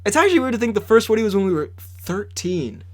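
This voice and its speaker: A man's voice: high-pitched, very animated. A young man co-hosting a podcast, telling stories in casual chat and laughing often. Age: young adult. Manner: laughs often, quick storytelling. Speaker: podcast co-host. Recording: slight background hum.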